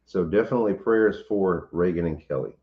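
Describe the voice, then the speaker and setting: A very deep-voiced man chats casually on a home livestream, pausing and restarting as he greets viewers. The sound is roomy and slightly dull. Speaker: homestead channel host.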